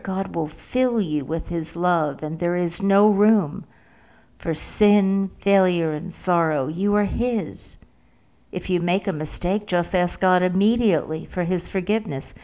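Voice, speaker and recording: A woman narrating a first-person story in a slow, measured way. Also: on the low side, darkish tone.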